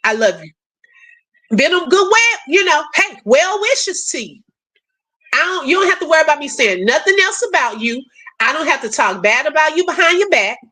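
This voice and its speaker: A woman hosts a casual live chat with her viewers, reading their messages aloud and answering warmly with prayers and blessings. Her voice sits high and sounds bright and forceful, and her delivery is animated and emotional, with frequent laughter. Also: moderate pace. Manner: animated, laughs often, calls viewers sis and y'all. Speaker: livestream host.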